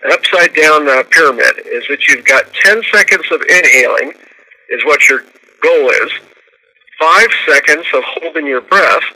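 A man on a radio talk show, walking listeners through a routine step by step and counting aloud. His voice sits a bit high and rings very bright and forceful. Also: lively intonation, normal speed, rough recording. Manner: explains step by step, counting out loud.

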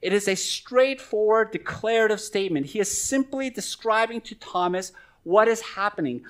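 A middle-aged man preaching from the pulpit with a slightly raised pitch. He teaches earnestly but conversationally, with friendly asides to his listeners. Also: lively intonation, moderate pace. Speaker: pastor. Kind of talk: sermon.

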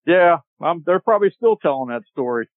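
A man telling a long hunting story as a podcast guest, animated and laughing as he goes. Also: fairly high pitch, brisk, dry recording. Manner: animated, laughs while telling, acts out shouted quotes. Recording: tinny dry phone-line audio.

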